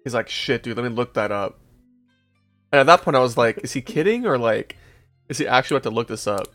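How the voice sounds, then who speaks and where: A man's voice: mid-range voice, quick pace, fairly bright tone, soft background music. Laid-back young man telling a story. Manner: laid-back, swears often, laughs at his own story. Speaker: podcast host. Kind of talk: casual storytelling to co-hosts.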